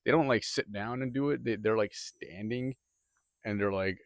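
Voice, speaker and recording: A man's voice: lowish voice, moderate pace, no room sound. A young man rambling through a profane, casual monologue, full of filler words and restarts. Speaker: podcaster.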